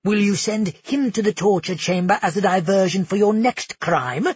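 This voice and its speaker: A man doing a sneering, higher-voiced assassin prisoner. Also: big pitch swings, very slow, darkish tone, slightly rough, no echo, highs cut off, heavily acted. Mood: sneering taunts. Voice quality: mocking, sneering. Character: sarcastic male former assassin prisoner, taunting.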